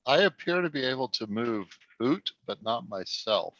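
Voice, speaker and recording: A man's voice: medium pitch, expressive, moderate pace, a bit bright, no room sound. A man playing in a tabletop game, chatting casually about his token and moves. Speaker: player. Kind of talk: casual chat. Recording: dull lo-fi mic.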